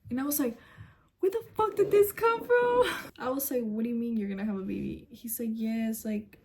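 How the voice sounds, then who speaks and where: A woman's voice: fairly high pitch, warm tone. A young adult woman telling a personal story to camera in a casual vlog, with frequent "like" fillers, casual swearing and a few Spanish phrases. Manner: chatty, peppered with "like" and swearing. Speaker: vlogger.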